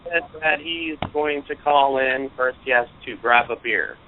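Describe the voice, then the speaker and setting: A man's voice: mid-range voice, unhurried. A man co-hosting a casual internet radio show, dropping brief, easygoing remarks. The sound is tinny and phone-like. A faint hiss runs behind him.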